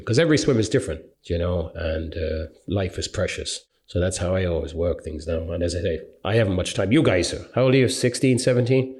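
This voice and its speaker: A middle-aged Irish man and open water swimmer, speaking to students in a rambling, animated storytelling style. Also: sits low, brisk. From Ireland.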